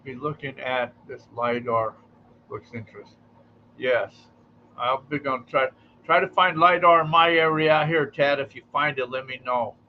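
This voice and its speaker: A man's voice: medium pitch, moderate pace, lo-fi sound, slight background noise. A man hosting a radio talk show, easygoing and hesitant, often repeating words. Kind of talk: casual chat.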